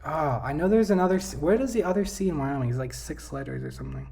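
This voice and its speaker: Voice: mid-range voice, lively intonation, fast talker, background noise. A vlogger thinking aloud while playing a map quiz, trailing off and correcting themself, recorded on a desk mic. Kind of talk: casual talk over a map quiz game.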